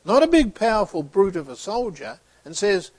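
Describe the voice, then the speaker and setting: A man preaching a sermon, retelling a story and acting out the dialogue, sometimes dropping to a hushed near-whisper. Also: high voice, very animated, moderate pace.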